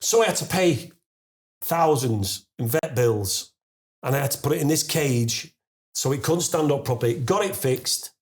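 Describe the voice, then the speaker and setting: A middle-aged English podcast guest spins a rambling, animated yarn at a moderate pace, stumbling over words with lots of fillers and restarts and the odd casual swear. Reaching the unbelievable part, his voice jumps in pitch and loudness, rising into laughing disbelief.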